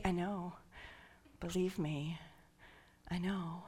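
Bright-voiced lady preacher, goes from whispers to shouting, gets the congregation repeating after her. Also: medium pitch, normal speed, a little hiss or hum. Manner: animated, swings from whispers to shouts; leads the congregation in call and response. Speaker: minister giving a talk. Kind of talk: sermon.

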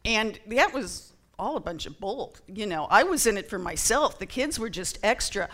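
A middle-aged church member addresses her congregation in the sanctuary, keeping it casual, chatty and self-deprecating, with lots of ums. She speaks at a moderate pace in an expressive, fairly bright mid-range voice.

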